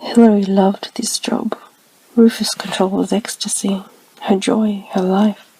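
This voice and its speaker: A woman narrating a science-fiction story in a soft, hushed whisper. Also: mid-range voice, little pitch movement, a little slow, slightly rough, recorded from a distance, rough recording.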